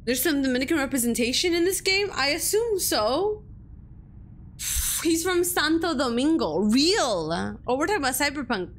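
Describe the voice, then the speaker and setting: A woman's voice: sits high, very animated, normal speed, slight background noise. A young woman streaming a horror game, jumpy, swearing freely and talking back at the game as she plays. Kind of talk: live-streamed gameplay commentary.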